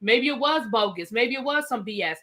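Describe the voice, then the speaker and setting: A woman hosting a casual reality TV recap, opinionated and animated, acting out what people said. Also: a little high, brisk. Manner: animated, opinionated, acts out quotes. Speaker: recap show host.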